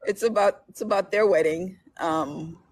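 Woman author guest, husky tone, chatty and quick to laugh, casual interview talk. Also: medium pitch. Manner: chatty, laughs often while telling stories. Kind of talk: casual chat.

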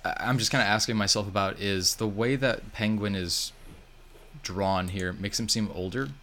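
A man with a lowish voice and a forceful, tense edge hosts a casual podcast. He jumps from tangent to tangent, jokes around and swears freely. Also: moderate pace. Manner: excitable, scattered, jokey, swears. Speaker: podcast host. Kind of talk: casual chat.

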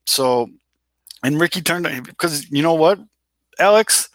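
A man's voice: fairly high pitch, measured pace, dry recording. A chatty man talking sports, dry sound. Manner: conversational, rambling with restarts and swearing. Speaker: podcast co-host. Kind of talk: casual sports talk.

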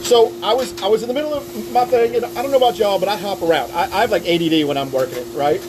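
A man's voice: high-pitched, fast talker, background noise. A man hosting a podcast live at a restaurant, telling crude rambling stories with lots of "right?" between lines. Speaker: podcast host. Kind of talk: casual crude podcast banter.

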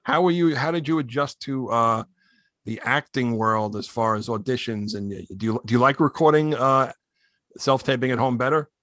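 A man's voice: mid-range voice, normal speed, a bit bright, dry recording, clean studio sound. A man hosting a podcast, asking a guest questions in casual chat with short replies and laughter. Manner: brief backchannel replies and laughter. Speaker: podcast host.

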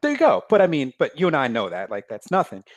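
A man talking about his own experience as an author in a casual conversation, reflective and halting, with frequent fillers. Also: on the high side, huge pitch swings, no room sound. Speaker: author, guest.

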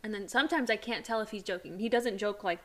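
A woman's voice: mid-range voice, fast. Chatty, swearing young woman podcaster. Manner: chatty storyteller, swears freely, dramatic retelling. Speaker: podcast co-host. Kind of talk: casual chat.

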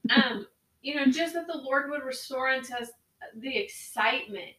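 A woman with a bright, fairly high voice talks and prays with earnest conviction, circling back over her phrases as she goes. She sits a little away from the mic in a room that rings with echo. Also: normal speed, far from the mic, slight background noise. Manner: earnest, prayerful, repeats phrases. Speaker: podcast co-host. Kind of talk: spoken prayer and devotional talk.

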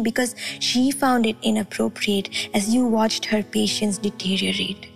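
A young woman from India reading her own spoken-word poetry in a rhythmic, deliberate, wry way, with soft music behind her. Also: on the high side. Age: young adult. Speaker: poet and podcast host.

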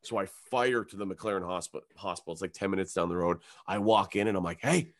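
A man's voice: sits low, fast. A young man, telling a long comic story on a podcast, swearing freely and acting out voices in a raised tone. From Canada. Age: young adult. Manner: animated, profane storytelling, acts out his own and others' lines in a raised voice. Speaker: comedian guest.

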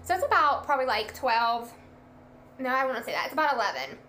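A young woman tells a story casually with lots of energy, acting out every quoted line. Her voice sits a little high and sounds bright and forceful. A faint hum of ambient noise stays underneath. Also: fairly quick. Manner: animated, lots of "like", acts out quoted lines. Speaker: guest telling a birth story.

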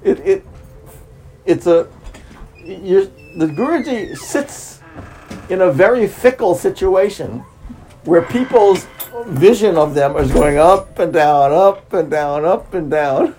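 A man's voice: sits high, lively intonation, mellow, slight background noise, poor audio. A man speaking as a spiritual teacher in an unscripted talk, repeating himself, restarting phrases and drawing out words. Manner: repetitive, with frequent restarts and drawn-out words.

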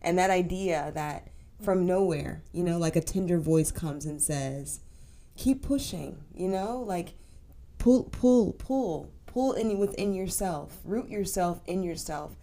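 A woman co-hosting a podcast, talking in an expressive, affirming and colloquial way in casual chat. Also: fairly low pitch, measured pace. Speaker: podcast co-host.

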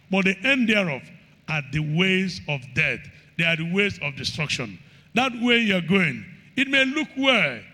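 A man's voice: high-pitched, sharp tone. A man preaching a sermon, quoting scripture and asking the congregation to finish his lines. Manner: call-and-response questions to the congregation; reads scripture in King James wording, rising and falling emphasis. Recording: long hall reverb.

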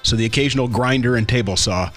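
A man's voice: mid-range voice, fast talker, fairly bright tone. A man co-hosting a wine podcast, chatting in an upbeat, joking way. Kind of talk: casual chat.

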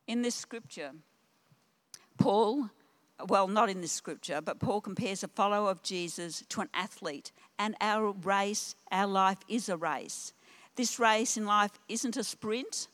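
A woman's voice: mid-range voice, measured pace, fairly bright tone. An older woman preaching a sermon in an earnest, exhorting way.

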